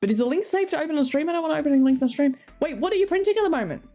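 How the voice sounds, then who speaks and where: A woman's voice: high-pitched, expressive, racing, warm tone, faint music behind. A woman streamer chatting casually and giggling as she reads chat and talks to her cats.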